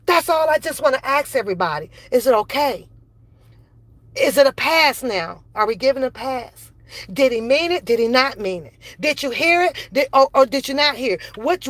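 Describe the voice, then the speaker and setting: A woman's voice: high-pitched, fairly bright tone, dry recording. Heated, profane woman ranting. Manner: heated, profane, repeats phrases. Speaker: commentary vlogger. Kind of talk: ranting commentary.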